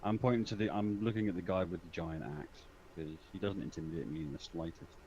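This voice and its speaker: A man's voice: sits low, fast talker, warm tone, muffled recording, slight background noise. A man playing a tabletop game, often speaking in character, blunt and questioning. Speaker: player.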